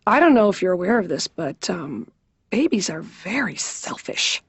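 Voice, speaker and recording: An actress playing a high-strung, weepy woman in therapy who rants rapidly and indignantly. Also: big pitch swings, husky, dry recording, heavily acted. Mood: ranting. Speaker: therapy patient. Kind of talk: comic monologue in a therapy session. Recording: dry, dull lo-fi audio.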